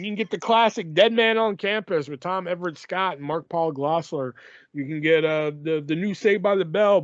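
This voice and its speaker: A man's voice: high-pitched, dry recording, highs cut off. A man hosting a podcast, chatting casually and swearing freely as he rambles through a sponsor read. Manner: rambling and profane, reads sponsor ads loosely. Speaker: podcast host. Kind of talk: casual chat.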